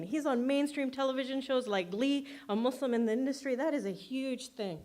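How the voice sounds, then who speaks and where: A woman's voice: high voice, moderate pace, hardly any pauses, a faint crowd. A woman filmmaker giving an award acceptance speech, chatty and self-deprecating, laughing often between her words.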